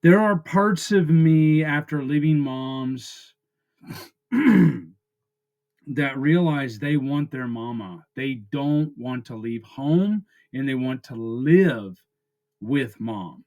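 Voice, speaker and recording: A man, talking in an emotional personal vlog. He is close to tears, and his raw, halting confession keeps breaking off. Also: medium pitch, darkish tone. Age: 40s. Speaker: vlogger. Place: his friend's house.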